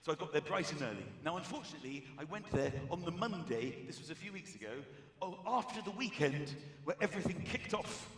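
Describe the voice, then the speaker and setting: A man performing stand-up comedy on a large theater stage, telling a story in an animated, excitable way into a handheld mic. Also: on the high side, a little fast, hardly any pauses, distant mic. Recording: echoey hall, audience noise.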